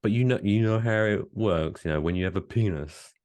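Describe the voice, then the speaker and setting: A man co-hosting a podcast in a casual, jokey chat, playful and quick to slip into silly voices. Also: lowish voice, a little mellow. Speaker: podcast co-host.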